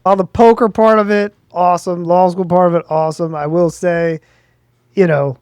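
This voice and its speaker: A man co-hosting a podcast who chats in a relaxed, opinionated way. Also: high-pitched, normal speed, clean tone, no echo. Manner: laid-back, opinionated banter. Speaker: podcast co-host. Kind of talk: casual podcast chat.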